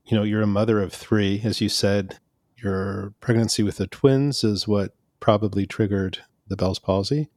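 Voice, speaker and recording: Calm interviewer man, dry sound. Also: lowish voice, no echo. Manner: calm, appreciative, unhurried. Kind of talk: measured interview questions.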